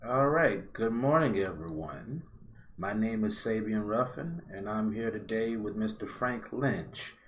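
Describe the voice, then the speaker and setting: Relaxed, rambling man on a call. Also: fairly low pitch, unhurried. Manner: relaxed, rambling, loose slangy phrasing. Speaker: podcast host. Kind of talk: casual astrology chat over a live stream.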